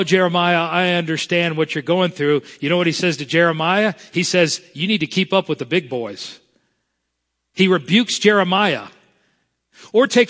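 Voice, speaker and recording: A man from South Florida preaching a sermon as pastor, earnest, slowing down to stress scripture. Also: high voice, a bit bright, long reverb tail.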